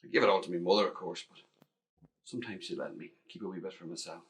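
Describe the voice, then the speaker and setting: A grown stableboy recalling his youth, played by a man with a Northern Irish accent. He tells it in an intimate, often hushed stage monologue with a lowish voice. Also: fast talker. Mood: reflective. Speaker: actor in a one-man play. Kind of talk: theatrical monologue narration.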